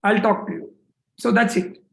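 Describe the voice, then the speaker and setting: A man with an Indian English accent giving a talk, telling a personal story in an animated way and acting out his own quoted words. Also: high-pitched, moderate pace, vocal fry, reverberant, slight background noise, poor audio. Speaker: guest speaker.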